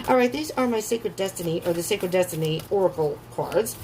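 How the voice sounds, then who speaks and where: A woman giving a tarot reading who gushes with excitement, swears freely and breaks into gasps and laughter. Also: lowish voice, moderate pace, a little hiss or hum, low-quality recording. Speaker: tarot reader.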